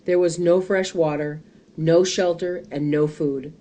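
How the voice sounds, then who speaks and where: A woman reading a children's book aloud in an earnest, expressive storytelling manner. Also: low voice, a little slow. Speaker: reader.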